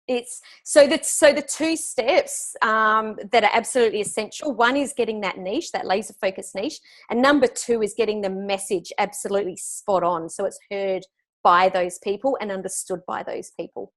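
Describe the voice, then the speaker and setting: An Australian woman in her forties, a business coach and guest, telling stories in an upbeat, animated way. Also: mid-range voice, normal speed. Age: 40s. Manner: upbeat, animated storytelling with frequent laughs. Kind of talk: conversational interview.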